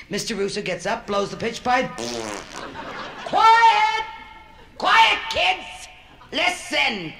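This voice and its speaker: A woman from Connecticut doing a brassy, wisecracking stand-up routine and teasing her live audience. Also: low-pitched. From Connecticut, USA. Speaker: comedian. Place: stage show before a live audience. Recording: roomy live show recording with band music.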